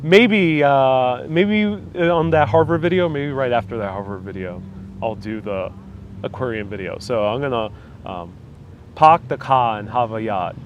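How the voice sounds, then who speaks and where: Outdoors, a vlogger from New York hosts a live stream, chatting casually and answering viewer comments as he rambles with frequent fillers and restarts. His voice is medium in pitch, and there's slight background noise.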